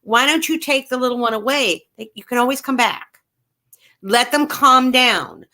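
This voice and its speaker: Animated woman telling stories. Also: high-pitched. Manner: animated, slows to stress points. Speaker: Mrs. Claus performer, panel guest. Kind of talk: casual storytelling chat.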